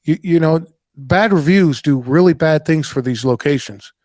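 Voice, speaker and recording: A man with a somewhat high voice tells work stories in a relaxed podcast chat. He slips into other voices to act out the customers he is quoting. He swears freely, and the sound is close and dry. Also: moderate pace, no room sound. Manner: animated anecdotes, acting out customers' lines; salty, swears casually. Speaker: podcast host. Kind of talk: casual storytelling chat.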